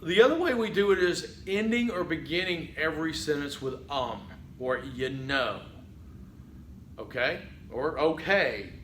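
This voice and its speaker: A man teaching a public speaking class in a conversational lecture, often saying "okay" and acting out halting speech full of fillers. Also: on the high side, animated, fairly bright tone, echoey room, a little hiss or hum, rough recording. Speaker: college public speaking instructor. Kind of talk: recorded lecture.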